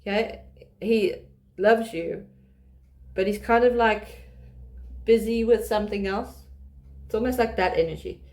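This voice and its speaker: Talking a little slowly with long pauses, a woman with a mellowish medium-pitched voice reads tarot for her channel. She's chatty and casual to camera, often laughing and restarting her thoughts mid-reading.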